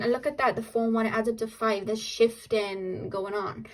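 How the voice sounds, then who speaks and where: A woman's voice: a little high, flat delivery, fairly quick, low-quality recording. Chatty upbeat woman reading tarot. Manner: chatty, upbeat, trails off and restarts, quotes the viewer's inner voice. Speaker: tarot reader.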